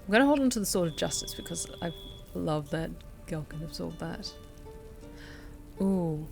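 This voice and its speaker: A woman's voice: on the low side, lively intonation, moderate pace, gravelly, darkish tone. Chatty woman streamer over game music. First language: not originally American. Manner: chatty, reflective, self-deprecating. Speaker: voice actor and streamer. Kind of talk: casual gameplay commentary.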